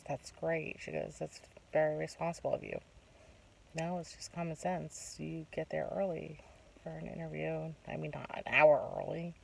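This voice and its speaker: Chatty woman telling a story, gravelly. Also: low voice, darkish tone. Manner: chatty, retells conversations with many asides. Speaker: vlogger. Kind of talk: casual storytelling monologue. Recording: distant mic with faint background noise.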